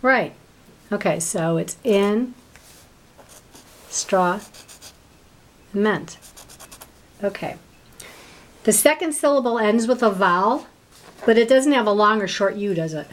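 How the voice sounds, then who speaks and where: A woman's voice: medium pitch, lively intonation, moderate pace, slight background noise. A woman teacher giving a one-on-one reading lesson, patient and full of prompting questions.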